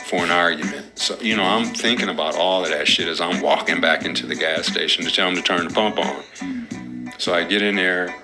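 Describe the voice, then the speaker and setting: Deep-voiced man, casual rambling talk. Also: normal speed, music in the background. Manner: loose storytelling with slang and profanity. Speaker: podcast co-host.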